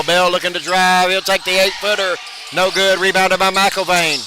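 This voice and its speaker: High-voiced man calling basketball play-by-play. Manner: rapid calls, bursts of excitement on made shots. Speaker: play-by-play announcer. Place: high school gym. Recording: noisy gym ambience behind voice.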